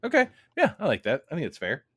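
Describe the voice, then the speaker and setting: A man co-hosting a podcast, chatting in a relaxed, rambling way and laughing easily. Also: a little high, fast talker, breathy edge, no room sound, studio quality. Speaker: podcast co-host. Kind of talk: casual chat.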